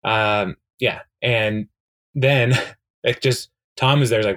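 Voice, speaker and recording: A man's voice: fairly low pitch, takes it slowly, fairly bright tone. Chatty man recapping a show. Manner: rambling, filler-heavy, laughs often. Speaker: podcast co-host. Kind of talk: casual chat recapping a TV episode.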